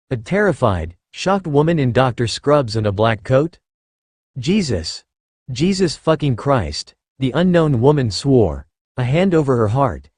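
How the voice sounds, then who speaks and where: A man narrating a fan fiction story in a steady reading voice. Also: medium pitch, no room sound, clean studio sound.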